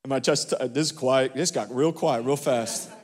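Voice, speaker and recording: A man's voice: medium pitch, moderate pace. A male pastor preaching a sermon and calling on the congregation for responses, with emphatic repeats. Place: church sanctuary. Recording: long church hall reverb.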